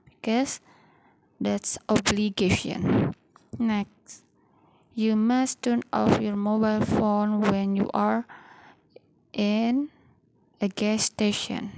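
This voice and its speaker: Slow, patient woman teaching grammar. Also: medium pitch, a little mellow, dry recording, low-quality recording. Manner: slow, patient step-by-step explaining with example sentences; simple, non-standard English phrasing. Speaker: English teacher. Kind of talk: recorded grammar lesson.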